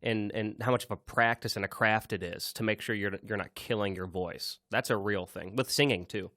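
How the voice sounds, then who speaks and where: A man's voice: fairly low pitch, normal speed, pushed and bright, no room sound, studio quality. A man co-hosting a casual podcast, talking in a loose, rambling way. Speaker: podcast co-host and YouTuber.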